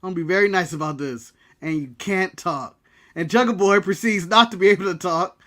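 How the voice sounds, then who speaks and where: A man's voice: high-pitched, brisk, bright, forceful tone. A man from the United States co-hosting a casual wrestling recap podcast, ranting and joking in a brash way. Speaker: podcast co-host.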